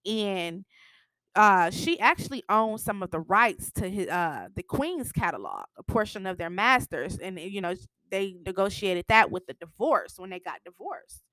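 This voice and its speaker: A woman's voice: mid-range voice, lively intonation, unhurried, fairly bright tone, no room sound. A woman giving a casual, sassy recap of a TV episode. She laughs often and acts out the characters' lines as she goes. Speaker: TV recap vlogger.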